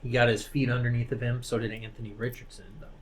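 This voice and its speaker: A man chats on a podcast and lays out background for the others patiently. His voice sits at a middle pitch, and he often stumbles and restarts before making his point. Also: little pitch movement, fast talker. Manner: explains patiently, hesitant restarts. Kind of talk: casual chat.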